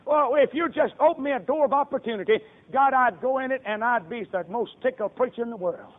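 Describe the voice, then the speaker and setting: A man's voice: very high voice, a little fast. A man preaching a sermon in a folksy way, acting out the voices of people in his stories. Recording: tinny phone-like radio broadcast.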